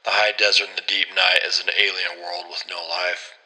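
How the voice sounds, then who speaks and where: A man's voice: low voice, level tone, moderate pace, sharp tone, rough recording. A man narrating a horror story in a grim, terse first-person voice.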